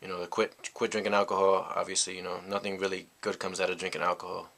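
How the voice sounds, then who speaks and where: A young man from the United States talks through a personal story in a deep voice that stays level. His tone is bright and forceful, and he rambles, circling back with "you know" after nearly every thought. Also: flat delivery, fast talker, creaky. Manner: rambling, reflective, heavy on "you know" fillers. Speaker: vlogger. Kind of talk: casual storytelling monologue.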